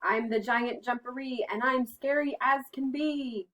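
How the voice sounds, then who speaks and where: A woman voicing a boastful, scary-sounding creature hiding in a burrow, booming out slow rhyming threats. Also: steady tone, fairly bright tone, far from the mic.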